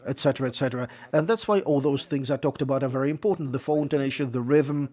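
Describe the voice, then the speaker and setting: A man delivering a lecture as a voice-over, in a measured explanatory way, often restating points and correcting himself mid-phrase. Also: mid-range voice, mellow. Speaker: lecturer on interpreting.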